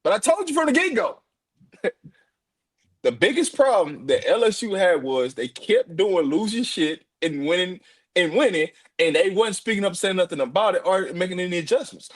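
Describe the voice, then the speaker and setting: Male sports guest, high and lively, brags and laughs through his takes. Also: normal speed, slightly rough. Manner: boastful, laughing, animated hype. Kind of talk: sports commentary podcast.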